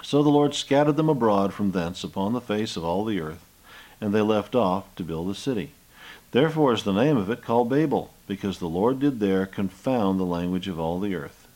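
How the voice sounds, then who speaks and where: A man's voice: fairly low pitch, lively intonation, moderate pace, a little mellow. Folksy older man teaching from the Bible. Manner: folksy storytelling, acts out scenes with rising voice. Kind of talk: sermon with Bible reading.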